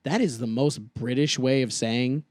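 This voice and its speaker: A man's voice: mid-range voice, a little slow, background noise. Joking young man co-hosting a podcast. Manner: joking, reads news aloud with asides. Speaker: podcast co-host. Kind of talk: casual chat.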